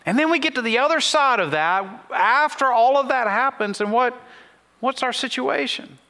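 Male pastor, high voice, earnest sermon, long church-hall reverb. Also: lively intonation, moderate pace, sharp tone. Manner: earnest preaching with rhetorical questions. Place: church sanctuary.

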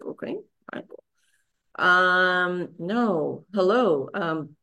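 Candid woman with a low voice. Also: lively intonation, slow pace, sharp tone. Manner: raw, frank, swearing, many fillers and restarts. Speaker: podcast guest. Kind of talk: candid personal storytelling.

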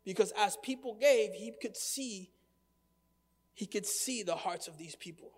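A man's voice: high voice, measured pace, breathy edge, in a large hall. A man preaching a sermon in a conversational way, asking the congregation questions and reading from scripture. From United States. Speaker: pastor.

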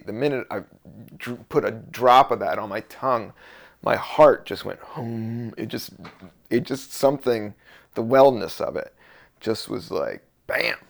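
Gravelly, rambling middle-aged man. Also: medium pitch. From Virginia and Washington D.C. area, US. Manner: loose, profane, rambling, drifting between topics. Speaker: podcast host and stand-up comedian. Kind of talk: rambling casual monologue.

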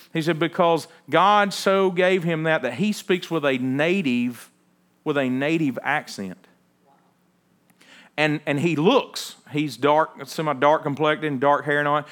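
Man, pastor, sermon, fairly high voice, chatty storytelling, emphatic preaching. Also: a bit bright.

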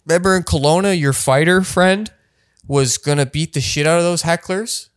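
A man's voice: on the high side, moderate pace, smooth, no room sound, studio quality. A man co-hosting a podcast, reading listener mail aloud, laughing and making sarcastic asides in casual chat. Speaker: podcast co-host.

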